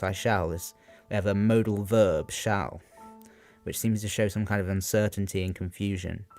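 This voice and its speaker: Young guy with a lowish voice doing revision notes out loud, lots of ums, keeps asking questions, soft music under it. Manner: hesitant, many ums and rhetorical questions. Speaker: student giving exam revision. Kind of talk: unscripted revision talk.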